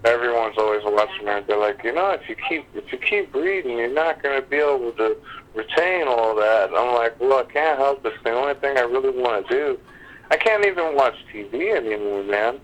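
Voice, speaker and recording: A man's voice: medium pitch, brisk, low-quality recording. A man calling in, talking earnestly in casual speech, often saying "man". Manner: earnest, says "man" a lot. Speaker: caller. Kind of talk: casual phone conversation.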